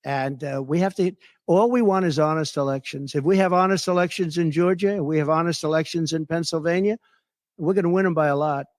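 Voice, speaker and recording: A man fielding reporters' questions at a press conference, boasting and repeating his points with heavy emphasis. His voice sits a little high for a man. The sound is dry and close. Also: a little fast, no room sound. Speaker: political candidate at a press conference.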